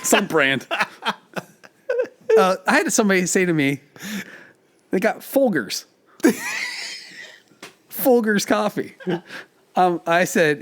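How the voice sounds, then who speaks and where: A man co-hosting a podcast, talking in casual banter, emphatic and quick to laugh. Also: high-pitched. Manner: animated and emphatic, laughs often. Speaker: podcast co-host.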